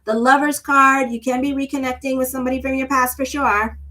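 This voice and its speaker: A woman's voice: high voice, little pitch movement, fairly quick, bright, forceful tone. A woman astrologer giving a casual tarot reading, chatty and blunt, with lots of fillers. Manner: chatty, blunt and sassy, many "you know" fillers.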